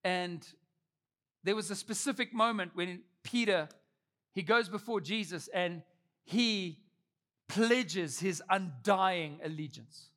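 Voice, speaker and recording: A man in his thirties preaching a sermon, telling the story with animated delivery and acting out the quotes. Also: high-pitched, slow. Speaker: pastor.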